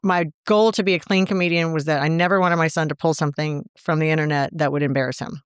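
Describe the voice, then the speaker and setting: A woman's voice: sits low, fairly even intonation, smooth, no echo, clean studio sound. Chatty middle-aged woman comedian. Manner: chatty, candid, quick to laugh. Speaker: comedian, podcast guest. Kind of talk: casual interview chat.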